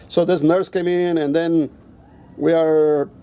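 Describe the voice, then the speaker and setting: Guy ranting and swearing through a story, kinda high but mellow voice. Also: steady tone. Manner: profane, ranting, halting with restarts; switches into Mandarin. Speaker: vlogger. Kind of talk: angry storytelling monologue.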